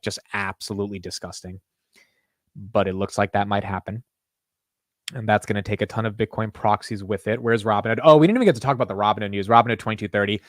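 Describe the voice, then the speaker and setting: A man's voice: fairly low pitch, dry recording, studio quality. A young man with an American accent hosting a casual market livestream, chatty and slangy. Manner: casual, slangy, says dude and bro. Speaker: market show host.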